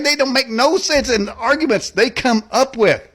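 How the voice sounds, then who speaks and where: A man's voice: extremely high pitch, moderate pace, hardly any pauses, a bit bright, husky. A man hosting a political rant show, mocking and rambling in folksy slang, laughing at his own jokes and tacking "man" and "okay" onto his lines. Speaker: host.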